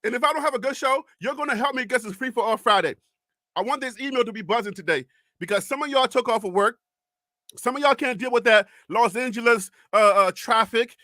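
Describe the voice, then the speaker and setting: A middle-aged Liberian man hosts a live show at full volume, calling out viewers by name. His voice sits very high and sounds bright and forceful. The sound is dry and close, and he is often out of breath. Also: brisk, no room sound. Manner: loud, shouty, hyped, talks to chat by name. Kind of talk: high-energy live stream chat.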